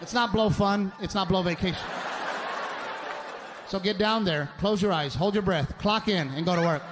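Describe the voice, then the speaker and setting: A man performing live stand-up comedy, ranting in an exasperated way with loud shouted bursts. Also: high voice, moderate pace. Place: stage at a live show. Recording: live show with loud background noise.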